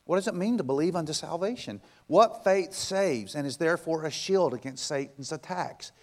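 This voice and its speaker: A male pastor preaches a sermon emphatically and repetitively, firing off rhetorical questions and swinging between loud passages and hushed ones. His voice is fairly high and expressive, at a moderate pace.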